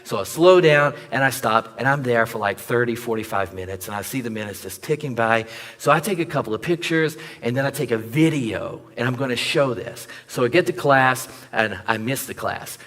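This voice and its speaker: A young male pastor delivering a sermon in a church, telling a story with animated energy and acting out the voices of the people in it. His voice sits at an ordinary middle pitch and carries a long reverb from the sanctuary. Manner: animated storyteller acting out dialogue, jokes with the audience.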